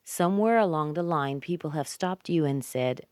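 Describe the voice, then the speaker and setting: Woman, North American accent, low voice, slow deliberate pronunciation lesson, dry close mic. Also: lively intonation, a little mellow, no room sound. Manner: slow, deliberate, repeats example phrases with exaggerated stress. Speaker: English pronunciation teacher.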